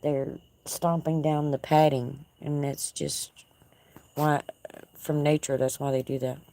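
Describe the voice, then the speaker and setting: Low-voiced Texan woman chatting on a porch. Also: flat delivery, takes it slowly, gravelly, mellow. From Texas. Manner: folksy, chatty, talks to viewers and pets. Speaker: live-stream host. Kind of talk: casual live-stream chat. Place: outdoor porch at dusk.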